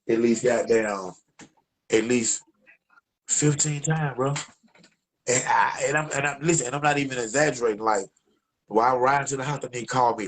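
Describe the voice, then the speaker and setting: A young man with an Atlanta, Georgia accent and a medium-pitched voice tells a story in a casual, animated, profane way, acting out the other people's voices. The audio quality is poor.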